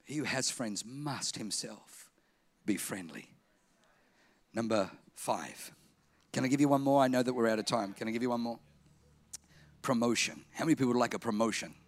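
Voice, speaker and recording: A man preaching a sermon, emphatic and repetitive, slowing down and softening for effect. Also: mid-range voice. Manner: emphatic, repetitive, drops to slow quiet lines for effect. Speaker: pastor.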